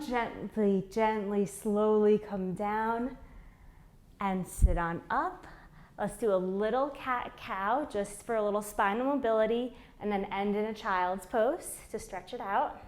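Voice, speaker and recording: A woman's voice: mid-range voice, a little slow. A woman leading a beginner plank workout, counting down holds and coaching form, strained while doing the moves herself. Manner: counts reps aloud while exercising, strained on hard holds. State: shaking from effort during holds. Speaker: fitness instructor. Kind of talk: guided workout instruction.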